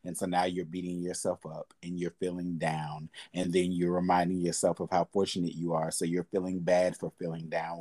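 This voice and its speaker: This is a young podcast host whose voice is low and mellow. He reflects on hard times in a candid, conversational monologue full of fillers and repeated words.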